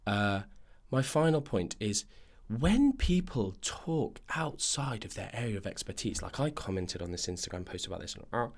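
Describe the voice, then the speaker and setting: Guy ranting on his podcast, kinda low voice, lots of ums and you knows. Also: big pitch swings, moderate pace, hardly any pauses. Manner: ranting, dismissive, lots of fillers and restarts. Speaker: podcast host, nutritionist. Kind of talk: casual podcast monologue.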